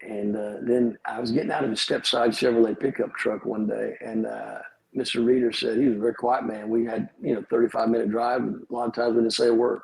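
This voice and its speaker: A man's voice: medium pitch, fairly quick, vocal fry, a little mellow, breathy edge, low-quality recording. A middle-aged pastor, telling his life story as a podcast guest with humorous, wry asides.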